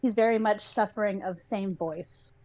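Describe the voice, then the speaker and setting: A woman's voice: mid-range voice, normal speed, a little mellow. A woman playing in a tabletop game, speaking candidly in casual chat and hesitating as she starts. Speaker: player.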